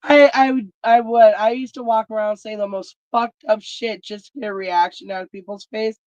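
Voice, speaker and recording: A woman's voice: a little high, fairly even intonation, normal speed, darkish tone, dry recording. A woman telling stories in a blunt, profane casual rant. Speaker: vlog host. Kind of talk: casual ranting chat. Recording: dry, dull lo-fi sound.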